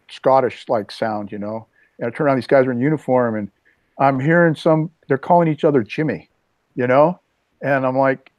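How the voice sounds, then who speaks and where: A man in his sixties hosting a casual video chat, telling rambling stories with lively asides. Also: mid-range voice, dry recording. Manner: rambling storyteller, animated asides. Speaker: host. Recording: dull lo-fi dry sound.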